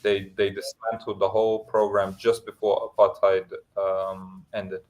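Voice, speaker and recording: A man with a somewhat low voice, co-hosting a podcast in relaxed conversation over a call. He talks freely, jokes around and pushes back quickly when he disagrees. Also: poor audio. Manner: chatty, jokey, quick to argue. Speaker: podcast co-host. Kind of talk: casual chat.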